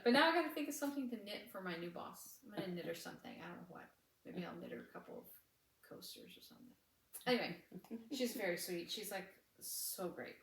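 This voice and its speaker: A woman's voice: mid-range voice, sing-song, fast talker, gravelly, echoey room, recorded from a distance, low-quality recording. A woman co-hosting a casual craft chat, telling stories in a chatty way with frequent laughter. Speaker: podcast co-host.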